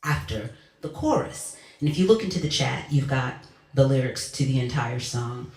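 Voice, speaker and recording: A woman's voice: very deep voice, moderate pace, darkish tone. A woman in her forties, an earnest song leader chatting over a video call with many fillers before teaching a song. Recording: roomy sound with guitar playing.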